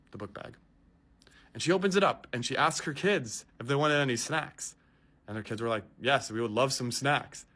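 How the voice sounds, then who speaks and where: A man's voice: medium pitch, pushed and bright. A man telling a story in a casual, exasperated and incredulous way.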